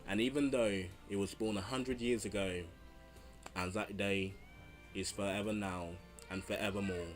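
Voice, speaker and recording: A low-pitched man reads a history narration, then rambles through an earnest, jokey sign-off. Faint music runs quietly under his voice. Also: steady tone, moderate pace. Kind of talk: read history narration and casual outro.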